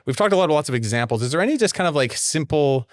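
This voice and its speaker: A man from Canada hosting a casual interview, talking quickly with laughing, animated asides. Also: on the high side, dry recording, studio quality. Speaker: podcast host.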